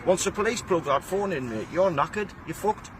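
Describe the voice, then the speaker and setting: A man's voice: high-pitched, animated, brisk. A man from a sting team scolding a suspect outdoors in a blunt, scornful, swearing way. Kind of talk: confrontational street talk. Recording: noisy outdoor street recording.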